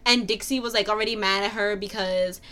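A woman's voice: medium pitch, steady tone, a little fast, pushed and bright. A young woman chatting casually about a TV show, swearing freely and filling her talk with "like". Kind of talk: casual chat recapping a TV show.

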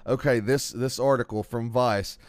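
A man's voice: medium pitch, fairly even intonation, normal speed. A young man co-hosting a casual podcast, swearing freely and reading an article aloud in a mock-serious tone. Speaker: podcast co-host.

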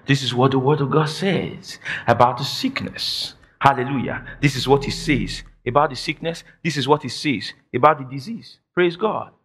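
A man preaching a sermon as pastor, emphatic, repeating phrases and shouting declarations. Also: mid-range voice, moderate pace, few pauses, breathy edge. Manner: quotes imagined listeners in mock voices.

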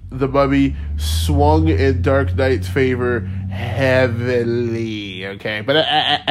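A man's voice: medium pitch, a little hiss or hum. A young man hosting a solo podcast, ranting casually, rambling off on tangents, losing his train of thought and chuckling between points. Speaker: podcast host.

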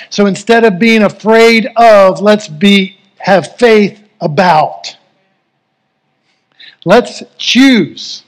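A middle-aged man preaching a sermon as pastor, earnest and emotional, telling a personal story and leading prayer. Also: high voice. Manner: earnest, emotional, rising to fervent.

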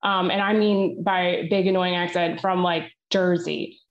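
A woman co-hosting a podcast, chatting in an animated way with lots of fillers and laughs. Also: on the low side, measured pace, highs cut off. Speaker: podcast co-host. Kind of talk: casual chat. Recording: echoey room.

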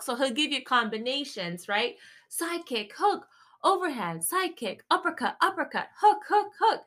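Woman in her thirties, faith podcast host, animated storyteller, bright forceful tone, fairly high voice. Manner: animated, breathless storytelling with vivid exclamations.

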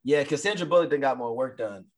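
A man's voice: medium pitch, fast, a crowd in the background. A man co-hosting a podcast in casual, slangy banter, laughing often. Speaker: podcast co-host. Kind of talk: casual chat.

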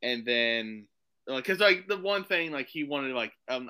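A man chatting as a podcast guest, rambling excitedly with lots of fillers. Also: medium pitch, a little slow, clear, resonant tone, poor audio. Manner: excited, rambling, full of "like" and "you know". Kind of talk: casual chat.

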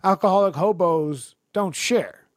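Rambling, fairly high-voiced man telling stories. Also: measured pace, no echo, clean studio sound. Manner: rambling storyteller, laughs often. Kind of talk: casual podcast chat.

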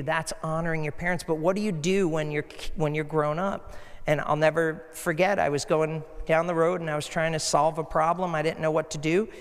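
A man's voice: on the high side, level tone, normal speed, clean tone. A middle-aged man preaching a sermon as a pastor, telling stories in an earnest, conversational way. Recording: echoey hall.

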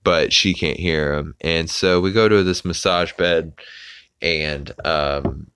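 A man's voice: extremely low pitch, slow, a bit bright, clean tone, dry recording. A young adult man hosting a podcast, casually recapping a cartoon with lots of fillers and the odd swear, on a close mic. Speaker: podcast host.

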